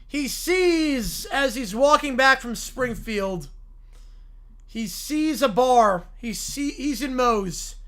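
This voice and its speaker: Playful high-voiced woman narrating. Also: lively intonation, slow pace, a bit bright. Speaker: streamer. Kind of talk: narrating a comedic story game.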